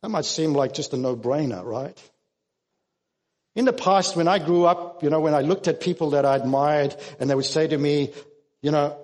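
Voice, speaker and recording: A man's voice: fairly high pitch, moderate pace, darkish tone, long reverb tail. A man preaching a sermon as pastor, earnest and emphatic, often restarting his words.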